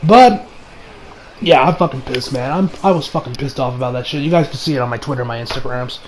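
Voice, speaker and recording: A man's voice: mid-range voice, brisk, slight background noise, low-quality recording. A man giving a casual, rambling video review of an anime, full of fillers, restarts and swearing.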